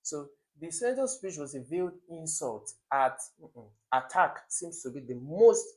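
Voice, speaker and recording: A man's voice: a little high, big pitch swings, normal speed, poor audio. A man with a Nigerian English accent, an exam tutor talking through test questions, explaining step by step, repeating key words, and chuckling at wrong answers. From Africa.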